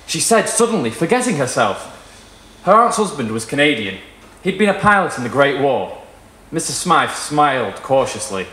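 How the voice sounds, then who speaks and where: A man reading a short story aloud at a live event, in an expressive storytelling manner. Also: a little high, moderate pace. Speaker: reader. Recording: echoey room at a live reading.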